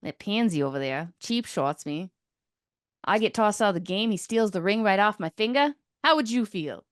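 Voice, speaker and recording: A woman's voice: medium pitch, animated, moderate pace, no echo, clean studio sound, close to an everyday voice. A woman reciting film lines as a tough young male hockey player, with mock intensity. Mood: intense.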